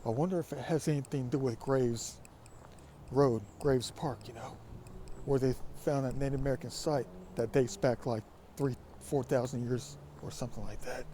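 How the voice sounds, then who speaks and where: Casual vlogger, male, raspy and congested, rambling speculative musings, warm dark timbre, recorded outdoors with light background ambience. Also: medium pitch, fairly even intonation, moderate pace, a little hiss or hum. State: stuffy with allergies. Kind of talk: casual walking vlog monologue. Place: outdoors by a creek.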